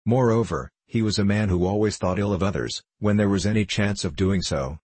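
Deep husky male audiobook narrator. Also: brisk, darkish tone, no room sound. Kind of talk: scripted narration.

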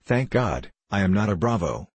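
A man's voice: on the low side, very animated, normal speed, husky, dry recording. A man reading the part of a mild, coldly polite young musketeer in an audiobook. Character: mild, cool-tempered young male musketeer.

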